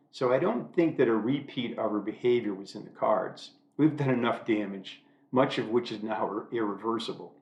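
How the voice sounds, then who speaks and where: An older man from the United States giving a wry, self-deprecating monologue to camera from a room at home. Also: medium pitch. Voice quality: dry, self-deprecating humor. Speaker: vlogger. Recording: echoey room.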